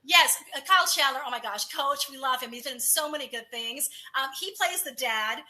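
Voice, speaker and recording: A woman's voice: sits high, normal speed, pushed and bright. A woman entertainment correspondent chatting casually and gushing about new films. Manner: bubbly, gushing. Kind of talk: casual news chat.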